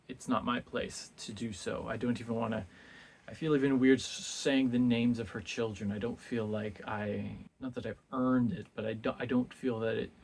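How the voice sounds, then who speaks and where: A man talking through a book review in a casual vlog, reflective and halting, often restarting his sentences as he searches for words. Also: medium pitch, creaky, darkish tone, breathy edge.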